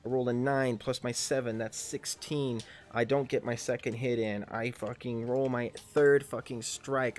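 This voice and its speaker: A man in his thirties running a tabletop game on a livestream, excitable and swearing constantly as he narrates and shouts battle cries. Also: medium pitch, unhurried, hardly any pauses. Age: 30s. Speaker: game master and player.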